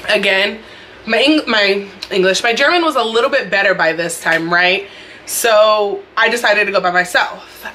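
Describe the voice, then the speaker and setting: A young woman vlogger telling a story in a chatty, expressive way, talking straight to her viewers and recording on her phone. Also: mid-range voice, normal speed, slight background noise. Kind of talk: casual storytime vlog. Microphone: phone camera.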